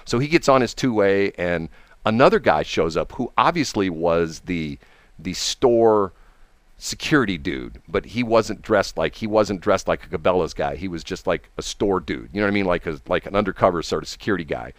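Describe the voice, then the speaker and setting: A man spins a rambling everyday story, slipping into the voices of the people in it. His pitch swings widely as he talks. The sound is close and dry. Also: moderate pace, no echo. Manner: animated, acts out quoted people. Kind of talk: casual storytelling.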